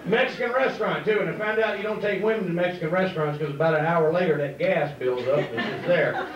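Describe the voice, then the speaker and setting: A man performing a stand-up comedy set as a loud, laughing storyteller, on stage in a comedy club. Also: a little high, fast talker, background noise. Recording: echoey, dull club recording from a distance.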